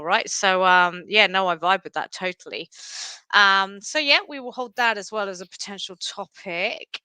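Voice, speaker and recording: A woman's voice: on the low side, bright, forceful tone, clean tone, dry recording. A woman co-hosting a casual chat show, earnest and reflective, laughing often as she talks. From England. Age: adult. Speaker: co-host.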